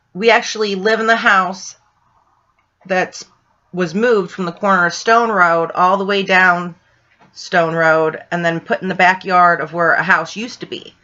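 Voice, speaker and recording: A woman ghost hunter telling a rambling, excitable story in a casual vlog, full of fillers. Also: on the low side. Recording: dull lo-fi sound.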